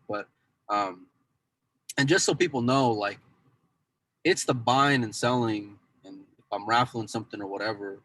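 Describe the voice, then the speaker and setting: A man's voice: on the low side, a bit bright, poor audio. A man on a podcast talking casually about his work as a pool news insider and cue dealer, rambling with many restarts.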